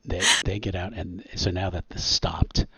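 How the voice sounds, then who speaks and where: Game master, male: deep husky voice, halting with ums, dry lo-fi recording. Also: steady tone, sharp tone, dry recording. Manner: hesitant, many ums and restarts. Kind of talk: narrating a tabletop game.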